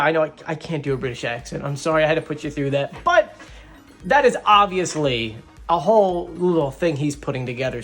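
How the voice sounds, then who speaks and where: A man hosting a casual video, chatting excitedly and a little boastfully to his viewers. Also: fairly high pitch. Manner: excitable and animated, playfully boastful. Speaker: video host breaking down a TV singing show. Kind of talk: casual chatty commentary to camera.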